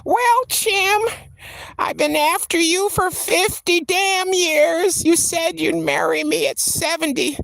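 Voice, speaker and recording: A woman's voice: creaky, fairly bright tone, no echo, full character voice. A woman putting on the voice of a shaky old woman in her late eighties, nagging an old flame who never married her. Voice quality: shaky, high, drawn-out.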